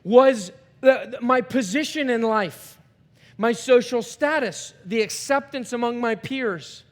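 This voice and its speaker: Middle-aged pastor, high voice, slow delivery, hushed to shouting. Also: male voice. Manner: swings from quiet to shouting; repeats words when thinking. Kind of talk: sermon. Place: church sanctuary.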